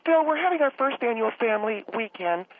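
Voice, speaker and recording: A man's voice: very high-pitched, expressive, fairly quick, voice pushed up. A man voicing a gushing, rambling woman caller who gets choked up and talks on and on. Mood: chatty rambling. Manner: effusive, rambling, easily choked up. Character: gushing middle-aged woman caller, flustered and chatty. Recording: tinny phone line with faint hiss.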